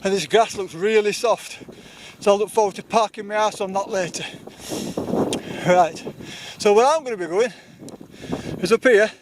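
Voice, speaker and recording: Chatty Yorkshire man, high voice. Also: normal speed, pauses often, background noise. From Yorkshire, England. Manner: rambling, chatty, self-deprecating. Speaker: outdoor vlogger. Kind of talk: casual outdoor camping vlog. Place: outdoors on a windy hilltop.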